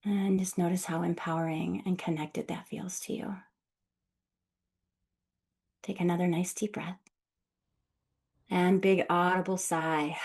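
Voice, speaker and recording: A woman who works as a somatic healer, leading a guided breathing exercise with soft-spoken, calm instructions and affirming encouragement. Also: on the low side, measured pace, pauses often.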